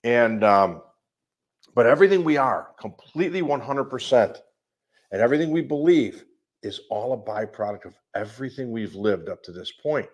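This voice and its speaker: Emphatic Midwestern man coaching, lower voice. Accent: Midwestern American. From American Midwest. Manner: emphatic, stacks long repeated lists. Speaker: life coach. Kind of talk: coaching call talk.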